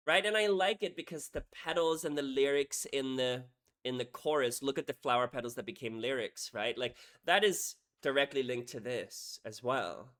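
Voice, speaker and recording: Mid-pitched male reaction host, emotional and animated, swings loud to soft, leans on "right?". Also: moderate pace, hardly any pauses. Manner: animated, says "right?" often, swings between loud and hushed. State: emotional, head hurting. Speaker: music reaction creator. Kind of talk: emotional lyric breakdown.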